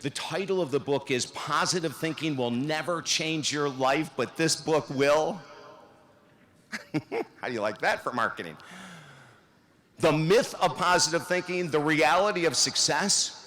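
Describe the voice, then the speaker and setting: Animated storytelling man at a podium. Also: fairly high pitch, moderate pace. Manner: storytelling, animated, acts out dialogue. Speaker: convocation speaker. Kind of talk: commencement speech. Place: large field house.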